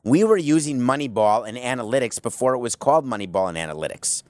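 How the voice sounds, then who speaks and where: A man's voice: medium pitch, animated, quick pace, no echo. A man hosting a sports talk show, arguing his point with rhetorical questions and emphatic asides. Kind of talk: opinionated sports talk monologue.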